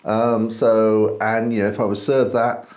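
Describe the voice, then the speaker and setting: A man co-hosting a wine show who talks things through slowly and thinks aloud. His voice sits on the low side. He keeps it casual and easygoing, with plenty of ums along the way. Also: level tone, a little mellow. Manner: measured, thinking aloud, fillers. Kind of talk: casual wine tasting chat.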